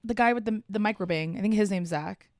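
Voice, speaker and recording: A woman's voice: mid-range voice, quick pace, darkish tone, no room sound, studio quality. A young adult woman co-hosting a podcast in casual chat, laid-back and slangy, rambling and laughing along. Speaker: podcast co-host.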